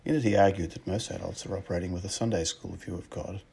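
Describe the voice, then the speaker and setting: A man with an Australian accent preaching a sermon in a measured, reflective way, asking rhetorical questions. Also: low-pitched, fairly even intonation, gravelly, darkish tone, husky.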